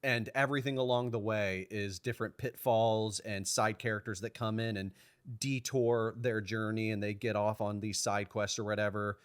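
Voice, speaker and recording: A young man with a low voice co-hosts a movie podcast, talking loosely and circling his point with fillers and restarts. He is close to the mic in a dry, deadened room. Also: fairly even intonation, moderate pace, clear, resonant tone, no echo. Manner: rambling, hedging with fillers and restarts. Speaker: podcast co-host. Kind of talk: casual chat.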